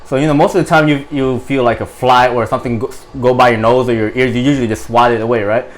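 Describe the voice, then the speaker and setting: A young adult man, a Marine guest on a podcast, telling a story in casual, animated, profane talk full of fillers. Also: mid-range voice, fast.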